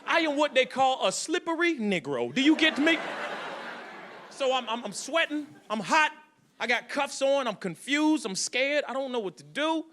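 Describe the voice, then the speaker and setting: Male stand-up comic, high voice, animated, profane, storytelling. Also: moderate pace, a little hiss or hum. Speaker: comedian. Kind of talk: stand-up comedy.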